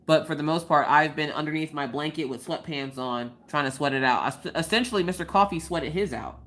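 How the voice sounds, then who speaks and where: A woman's voice: deep voice, a little fast, a bit bright. A young woman chatting casually on a live stream, giggling often and acting out quoted voices as she tells stories. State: recovering from a cold. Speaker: livestream host.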